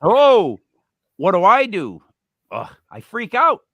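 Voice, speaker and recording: A man co-hosting a podcast, telling a rambling story with animated, voiced quotes. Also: high-pitched, takes it slowly, no room sound, muffled recording. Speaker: podcast co-host. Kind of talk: storytelling banter.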